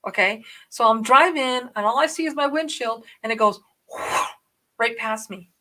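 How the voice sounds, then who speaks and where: A woman vlogger telling a story to her viewers in a rambling, excitable way, dropping to a hush and then getting loud. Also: fairly high pitch, moderate pace. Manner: rambling, excitable, swings between hushed and loud. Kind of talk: casual storytelling to camera.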